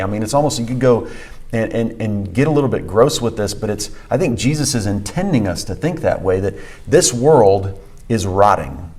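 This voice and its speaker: A pastor with a lowish, slightly mellow voice co-hosts a church podcast, teaching in an emphatic, conversational style. He leans on repeated key phrases and frequent fillers.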